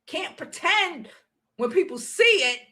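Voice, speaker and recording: A woman from the United States hosting her own channel, ranting on a livestream in a blunt, profane, confrontational way, swinging between loud outbursts and low muttering. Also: animated, slow pace. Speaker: channel host. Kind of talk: livestream commentary rant.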